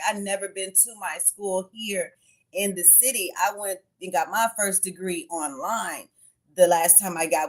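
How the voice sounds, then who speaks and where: A woman who hosts a tarot channel talks loosely on a livestream. She tells her story in a frank, swearing, unfiltered way, at a middle pitch for a woman. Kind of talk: casual livestream chat.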